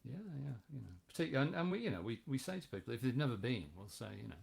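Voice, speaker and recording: Relaxed male songwriter guest. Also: medium pitch, very fast, gravelly, breathy edge. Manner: relaxed, hesitant, many fillers. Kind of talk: casual interview chat. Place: studio.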